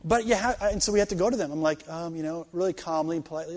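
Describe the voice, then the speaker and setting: A middle-aged man teaching a class on reading the Bible, animated and emphatic, with exasperated asides. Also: a little high, racing, few pauses. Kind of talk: classroom lecture.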